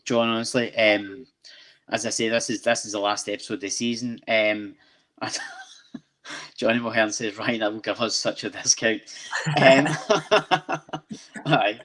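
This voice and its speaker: A man's voice: on the low side, steady tone, a little slow, pauses often, fairly bright tone. A man hosting a fan podcast in casual chat, rambling along with lots of ums and restarts. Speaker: podcast host.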